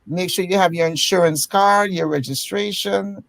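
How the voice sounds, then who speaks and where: A woman on a casual online panel discussion, speaking in a measured way and giving practical advice. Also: fairly low pitch, vocal fry, no echo, poor audio. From United States.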